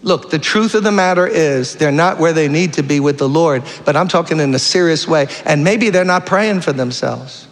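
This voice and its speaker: Guy preaching hard, pleading with the crowd, a bit high voiced, long echo. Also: moderate pace, few pauses. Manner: fervent, appealing, storytelling preacher. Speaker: guest preacher. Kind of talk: sermon. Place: church sanctuary.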